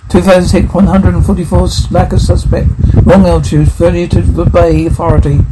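A man's voice: high-pitched, flat delivery, fairly quick, close to an everyday voice. An actor playing a stern male committee chairman, reading out charges in a formal, ceremonial way. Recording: noisy old film soundtrack with clicks.

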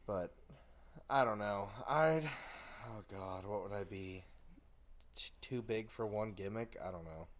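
Joking, rambling young man with a low voice. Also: unhurried, long pauses. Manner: joking, rambling, acts out imagined dialogue. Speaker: podcast co-host. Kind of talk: casual chat.

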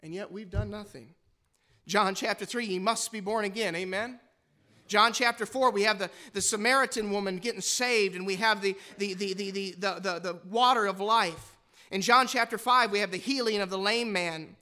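A man's voice: high voice, normal speed, sharp tone. A male pastor preaching a sermon with fervor, pressing his listeners with rhetorical questions.

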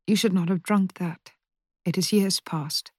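Audiobook role: woman reading a cold, hushed young woman, slow and dry. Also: lowish voice, fairly even intonation, husky, dry recording. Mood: tense, hushed. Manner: hushed, clipped replies. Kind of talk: audiobook character voice.

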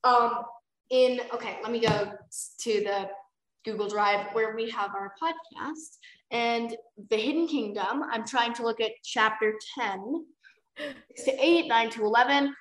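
A woman's voice: fairly high pitch, measured pace, roomy sound, poor audio. A woman co-hosting a book podcast, chatting casually in a rambling way with many fillers. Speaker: podcast co-host.

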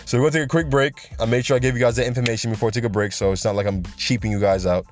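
A man's voice: mid-range voice, steady tone, racing. Male podcast host, mid-range voice; loose, jokey, profane monologue over faint music. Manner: chatty, joking, loose and profane, laughs at his own jokes.

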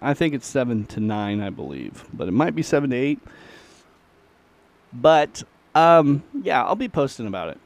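A man's voice: mid-range voice, sing-song, moderate pace. A middle-aged man, hosting his own podcast in a casual, folksy, self-deprecating ramble. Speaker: podcast host and musician. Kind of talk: casual solo chat.

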